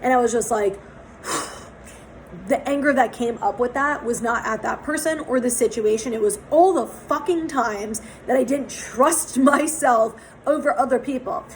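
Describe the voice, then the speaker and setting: A young adult woman gives a casual oracle card reading outdoors, her voice set slightly high. She talks frankly and curses often, slipping into lively stories from her own life. A faint wash of outdoor ambience runs under her words. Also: unhurried, slight background noise, low-quality recording. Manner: frank, swears often, animated storytelling. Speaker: psychic tarot reader.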